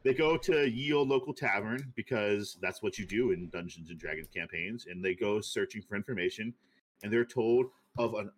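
A man co-hosting a podcast in casual chat, rambling through ideas with lots of "like" fillers and frequent laughter. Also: lowish voice. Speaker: podcast co-host.

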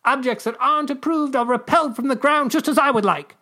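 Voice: high voice, a little fast, pushed and bright, voice pushed up. A reader voicing a smug, scatterbrained male ambassador who fumbles with numbers in a story read aloud.

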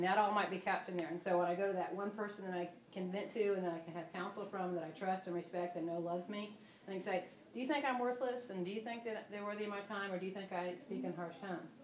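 A woman hosting a casual faith talk, speaking conversationally and quoting scripture. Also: mid-range voice.

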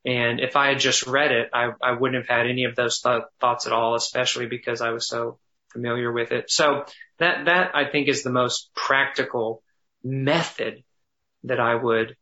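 A man teaching thoughtfully in conversation, often pausing, restarting and slowing down to dwell on phrases. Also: mid-range voice, fairly even intonation, pushed and bright, lo-fi sound. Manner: thoughtful, halting with restarts, slows to savor phrases. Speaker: guest teacher on biblical counseling.

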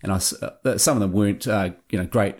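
Low kiwi guy spinning hunting yarns, keeps doing the other guys' voices. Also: quick pace. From New Zealand. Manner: animated anecdotes with acted-out quotes. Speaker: hunting show producer and guest. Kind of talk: casual storytelling interview.

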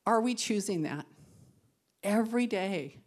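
A woman's voice: medium pitch, animated, a little slow. A woman giving an earnest, conversational devotional talk that ends in prayer, sometimes emotional and near tears. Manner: emotional, tearful at times, laughing through tears; earnest and conversational, shifting between soft and loud. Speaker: women's Bible study speaker.

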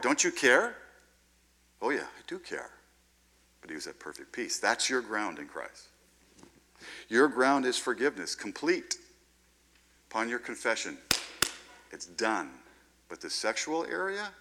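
A man preaching a sermon in a lively, conversational way, often checking in with "right?". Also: on the low side.

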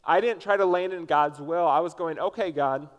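A man's voice: on the high side, normal speed, clean tone, dull audio. A man from Indiana preaching a conversational sermon as a pastor, telling a personal story in a casual way with frequent "like" fillers. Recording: long reverb from a large hall.

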